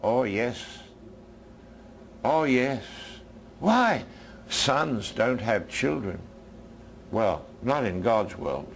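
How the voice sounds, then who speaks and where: An American man preaching a sermon as a minister, his voice dropping low and soft and then rising again. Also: very animated, drawn-out words, vocal fry, long pauses, slight background noise.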